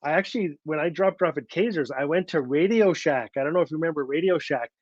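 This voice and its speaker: A man with a fairly high voice tells a story in an earnest, halting way, often restarting and repeating words. The sound is dull and dry. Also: no echo. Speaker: author and storyteller. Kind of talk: oral storytelling at an online book event.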